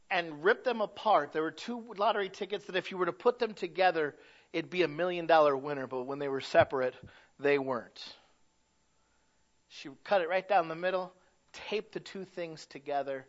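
A middle-aged man preaching a sermon, swinging from loud to hushed. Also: on the high side, muffled recording. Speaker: pastor.

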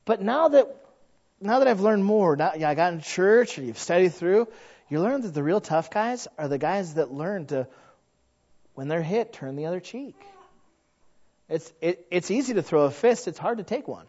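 Man preaching, fairly high voice, lively storyteller, slightly dull lo-fi recording. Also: normal speed. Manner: animated storyteller who acts out quoted voices. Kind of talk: sermon.

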